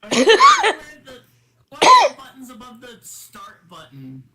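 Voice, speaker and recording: Bright, lively voice in an echoey room. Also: very high voice, a little slow. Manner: amused, laughs often. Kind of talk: casual chat. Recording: echoey room with faint noise.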